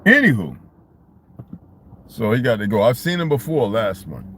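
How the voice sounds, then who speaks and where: A man telling a story in a casual vlog monologue, animated and profane, in street slang. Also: medium pitch, moderate pace, a little hiss or hum. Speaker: vlogger.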